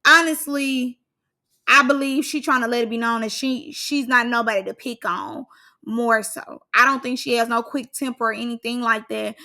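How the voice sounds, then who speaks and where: A young woman recaps a reality show in a loose, chatty vlog voice. She is opinionated and full of filler words, with a slightly high, crisp, bright tone. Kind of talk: casual reaction commentary.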